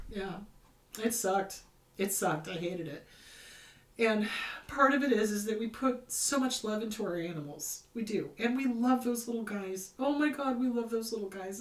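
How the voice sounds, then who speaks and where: A woman therapist hosting a show, giving casual advice in a blunt, emphatic way and repeating her key points. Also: mid-range voice. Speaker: therapist host answering viewer questions. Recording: roomy echo, mic at a distance.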